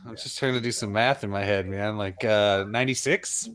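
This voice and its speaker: Rambling, cursing comic writer. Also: male voice, lowish voice, moderate pace, background noise. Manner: rambling, hesitant, swearing. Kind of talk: casual chat.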